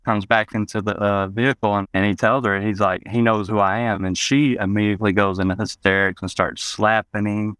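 A man's voice: on the low side, steady tone, fairly quick, few pauses, fairly bright tone, clean tone, dry recording. A man from Arkansas, telling personal memories as an interview guest, rambling with many "you know" asides.

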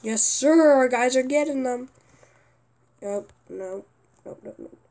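A young woman talks over her own game as she plays, often exasperated and shouting at a teammate. Her voice sits a little high. Between the outbursts her talk is slow and unhurried. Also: lively intonation. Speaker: gaming youtuber. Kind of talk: gameplay commentary.

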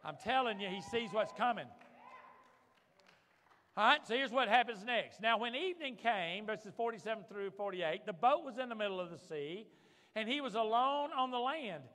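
High, bright-voiced pastor preaching fervently. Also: male voice, animated, moderate pace. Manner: fervent, calls for amens from the congregation. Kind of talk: sermon. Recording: long reverb of a large hall.

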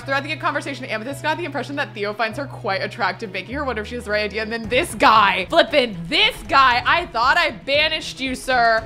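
A young woman playing a life-sim game and narrating it excitedly, gasping and doing playful little voices for her characters. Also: fairly high pitch. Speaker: gaming YouTuber.

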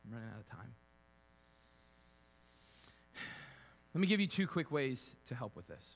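A man preaching a sermon as a pastor, shifting from quiet conversational storytelling with fillers to loud, emphatic preaching. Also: mid-range voice, very animated, unhurried, creaky, background noise. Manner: conversational, with fillers and repeated words. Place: church sanctuary.

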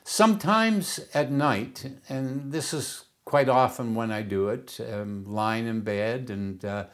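Slow, unhurried man teaching. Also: medium pitch, fairly bright tone. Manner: unhurried, repeats words while searching for phrasing. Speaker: mind power teacher. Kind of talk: reflective teaching talk.

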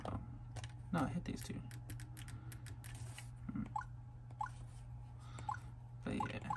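A young man hosting a casual unboxing vlog, talking in an awkward monotone full of ums. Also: drawn-out words. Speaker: unboxing vlogger. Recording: faint background noise.

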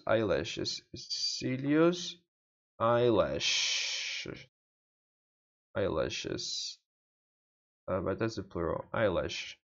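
Slow, mumbling man thinking aloud. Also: mid-range voice, highs cut off. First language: Portuguese. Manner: muttering to himself, repeating words. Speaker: language learner. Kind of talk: thinking-aloud self-study vlog.

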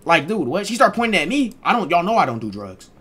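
A young adult man streamer telling a casual storytime, animated, slangy and profane. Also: high-pitched, fast talker, husky.

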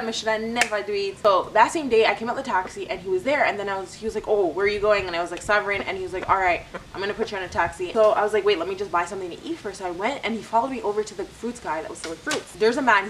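A young woman telling chatty, animated stories as a vlogger. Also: medium pitch, recorded from a distance, slight background noise, rough recording. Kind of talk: casual storytime.

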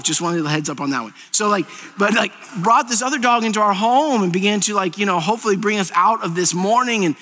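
Pastor type, male, high and bright, moves from a jokey story to fervent preaching, echoing church hall. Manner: storytelling with humor, rising to impassioned preaching. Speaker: senior pastor. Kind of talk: sermon. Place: church sanctuary. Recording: church sanctuary reverb.

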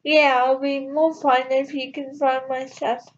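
A woman's voice: high-pitched, level tone, unhurried, lo-fi sound. A woman voicing a bewildered, injured young woman who answers hesitantly and unsure.

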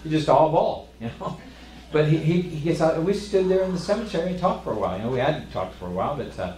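A pastor delivering a sermon, telling rambling family stories with false starts and self-deprecating humor. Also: male voice, mid-range voice, echoey room.

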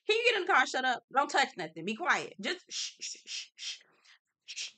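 A woman's voice: high-pitched, wildly swooping pitch, brisk, bright, forceful tone, voice pushed up, full character voice. Woman putting on an exasperated, bossy friend.

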